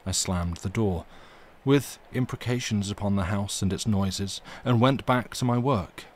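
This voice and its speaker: A man reading a ghost story aloud on a live stream, with expressive, dramatic emphasis. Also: lowish voice, measured pace.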